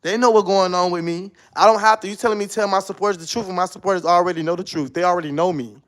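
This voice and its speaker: High-voiced man, defensive. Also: fairly even intonation, rapid-fire. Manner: defensive, repeats himself. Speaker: livestreamer. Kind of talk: reacting on a live stream.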